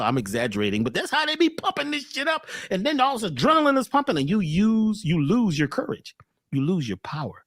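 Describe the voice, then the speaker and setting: A man's voice: high voice, quick pace, vocal fry, dry recording, studio quality. A man giving a motivational lecture on a call, preachy and profane, full of wordplay. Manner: animated, preachy, punning and profane. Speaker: speaker and workshop teacher.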